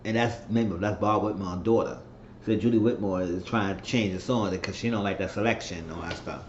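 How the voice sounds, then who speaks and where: A man's voice: low voice, brisk, a little hiss or hum. Man doing a casual TV recap in an echoey room. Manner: retells scenes by acting out the characters' quoted lines. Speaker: TV show recap vlogger. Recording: echoey room, dull lo-fi sound.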